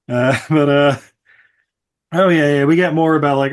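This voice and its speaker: A man co-hosting a movie podcast, rambling through a plot recap and laughing often. His voice sits a bit higher than most men's. The talk is loose and jokey, full of fillers and restarts. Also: fairly even intonation, measured pace. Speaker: podcast co-host. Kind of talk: casual movie-recap chat.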